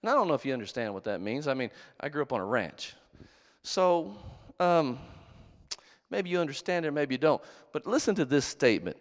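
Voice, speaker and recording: A middle-aged male pastor delivers a sermon, his pitch sitting a little high and bouncing all over the place. He talks like a storyteller, cracking jokes and suddenly shouting to hammer a point home. The sound carries a long tail of reverb from a large church hall. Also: brisk. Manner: animated, joking storyteller who shouts for emphasis.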